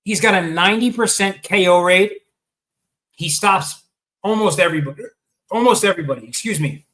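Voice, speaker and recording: A man with a high, bright voice talks sports in a loose, casual way. He keeps hitting ums and restarts, and he has the hiccups. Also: moderate pace, poor audio. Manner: chatty, hesitant with many ums and restarts. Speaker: sports show host.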